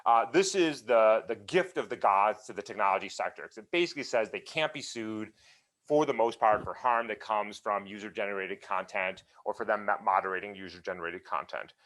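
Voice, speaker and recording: A man answering questions in a conversational talk, emphatic and animated, with many fillers and restarts. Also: lowish voice, fairly quick. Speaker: guest speaker.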